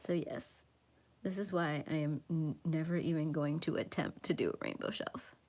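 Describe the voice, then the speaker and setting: A woman's voice: low-pitched, fairly even intonation, moderate pace, a little mellow. Chatty self-mocking woman livestreaming. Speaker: livestream host. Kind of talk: casual coloring livestream chat.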